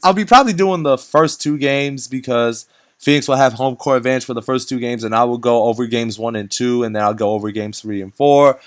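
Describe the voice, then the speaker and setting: A young man rambling through an unscripted basketball vlog, full of slang and restarts. His voice is smooth and clear at a middling pitch. The sound is close and dry, with no room around it. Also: a little fast, no room sound. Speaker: basketball vlogger. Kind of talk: unscripted casual commentary.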